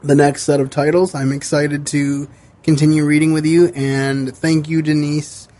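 A man hosts a relaxed book-club podcast in a fairly high voice. He talks in a halting, friendly way, full of fillers and restarts, and wears his emotions openly. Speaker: podcast host. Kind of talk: casual book-club chat. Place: studio.

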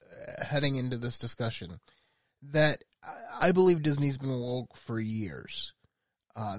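A man speaking as a panelist on a TV debate, laying out his points in a measured way. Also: medium pitch, dry recording.

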